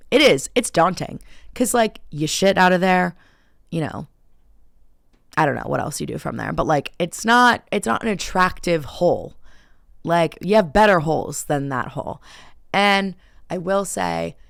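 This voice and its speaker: A young woman hosting her own show, telling stories in a loose, animated way with constant filler words and frequent swearing. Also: fairly low pitch, measured pace, creaky, no room sound, studio quality. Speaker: podcast host. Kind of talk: casual chat. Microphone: camera and close mic.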